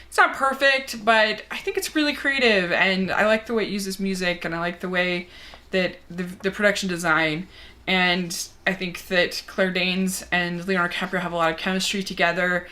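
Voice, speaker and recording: A woman's voice: lowish voice, fairly even intonation, normal speed, bright, forceful tone. A young woman reviewing movies, chatting casually and enthusiastically as she answers a movie tag.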